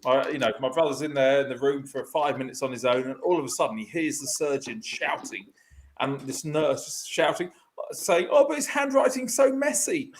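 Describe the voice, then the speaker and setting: A man's voice: medium pitch, a little fast. A man hosts a casual podcast chat, winding through a story with plenty of ums and chuckles. His voice sits in an ordinary middle range. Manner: rambling anecdote with fillers and laughs. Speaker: podcast host.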